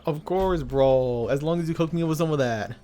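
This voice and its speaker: A man's voice: fairly high pitch, a little fast, warm tone. Young guy streamer: slangy, jokey, laughs a lot, faint music underneath. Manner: joking, laughs often, slangy. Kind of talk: casual gaming commentary.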